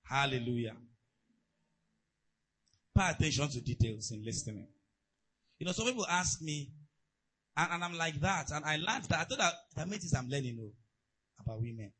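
A man preaching a sermon, telling stories and asides in an animated way. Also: fairly high pitch, moderate pace, pauses often, husky, low-quality recording. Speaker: pastor.

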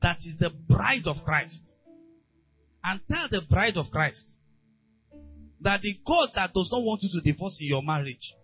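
Lively, emphatic preacher man. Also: high-pitched, measured pace, pauses often, soft background music, poor audio. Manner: emphatic, rhetorical questions to the congregation, swings from soft to loud. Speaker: pastor. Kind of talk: sermon.

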